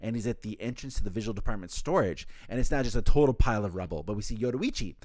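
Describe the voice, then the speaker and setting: Young dude co-hosting, super expressive pitch when he recaps stuff, dry mic. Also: fast, dry recording. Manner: animated storyteller who acts out quotes. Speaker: podcast co-host. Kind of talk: casual chat, recapping a manga.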